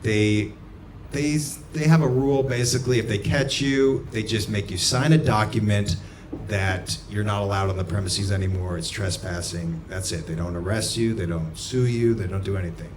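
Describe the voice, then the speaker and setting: A man performing a stand-up comedy set, telling a story and breaking into sudden shouts. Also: lowish voice, fairly even intonation, normal speed, background noise. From United States. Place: comedy club stage. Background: audience laughter.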